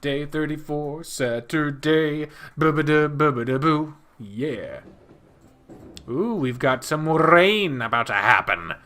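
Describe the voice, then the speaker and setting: A man's voice: on the high side, slow pace. A man reading a visual novel aloud and breaking off into casual commentary that often turns to swearing. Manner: casual, swears freely, reads the narration softly, then breaks out into loud commentary. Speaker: game streamer.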